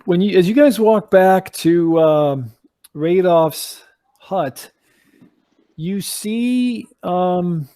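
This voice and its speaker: A man narrating a tabletop game as game master, in a relaxed way with frequent fillers. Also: a little high, no room sound.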